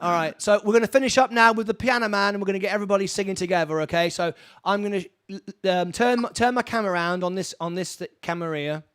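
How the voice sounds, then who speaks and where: A man hosting a live-streamed charity fundraiser from his studio, rambling excitedly and laughing often. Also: high-pitched, quick pace, clean tone. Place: home studio.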